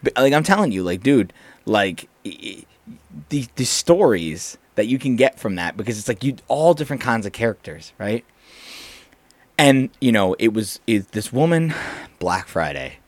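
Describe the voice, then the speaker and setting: A young man chats about his work in fast food, acting out angry customers with a voice that rises and falls a lot. The sound is dry and close. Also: on the low side, no room sound. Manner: animated storyteller acting out customers. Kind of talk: casual chat.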